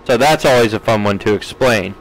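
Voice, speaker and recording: A gaming streamer chats casually with his live-stream audience while playing a farming game, reading chat comments aloud, answering them, and laughing often. His voice is fairly low and a little fast, and the audio is poor.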